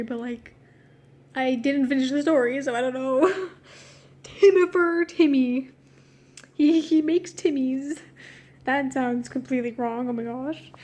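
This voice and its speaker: A woman's voice: high-pitched, darkish tone. A woman reading aloud a story she wrote as a child, breaking off to laugh and mock it. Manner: giggly, self-mocking, breaks off to laugh. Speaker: reader of her own childhood story. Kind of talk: casual reading with joking commentary.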